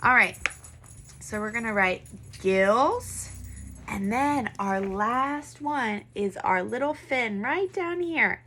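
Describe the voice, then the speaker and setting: A woman's voice: on the high side, animated, slow, pushed and bright, a little hiss or hum. A woman teaching a first grade video lesson, patiently asking questions and having children repeat words after her. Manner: patient, encouraging, asks questions and has kids repeat. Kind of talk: online classroom lesson.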